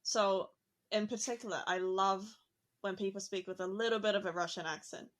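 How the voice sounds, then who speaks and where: A woman chatting on a podcast in a mid-pitched, everyday voice. She thinks out loud, and her sentences are sprinkled with "like" and "you know." The tone stays conversational and unhurried. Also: steady tone. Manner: chatty, musing, frequent "like" fillers.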